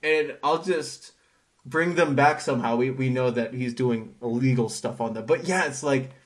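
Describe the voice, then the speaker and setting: A man co-hosting a casual comic book podcast, animated, acting out characters' lines as he retells scenes. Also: mid-range voice, moderate pace. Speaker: podcast co-host.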